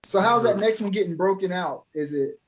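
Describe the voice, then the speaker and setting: A man's voice: high-pitched, fairly quick, a little hiss or hum. A man co-hosting a podcast in casual chat, rambling and self-deprecating, often trailing off mid-thought. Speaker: podcast co-host.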